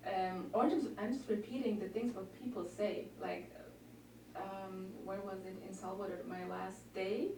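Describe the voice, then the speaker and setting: A woman's voice: medium pitch, normal speed. A woman from Germany, an exchange student guest, chatting and telling stories animatedly in English. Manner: chatty, animated storytelling, laughs. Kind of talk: casual interview. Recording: echoey room, distant mic, faint noise.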